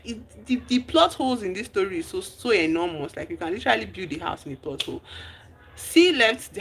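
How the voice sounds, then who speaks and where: A woman's voice: mid-range voice, a bit bright, husky. A woman streamer, chatting animatedly as she recaps a movie in a casual livestream, sprinkling in slang.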